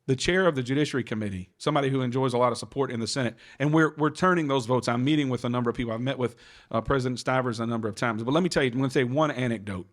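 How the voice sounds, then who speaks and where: Male legislator, quick and earnest, storyteller on a panel. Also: medium pitch. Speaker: state legislator. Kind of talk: panel discussion.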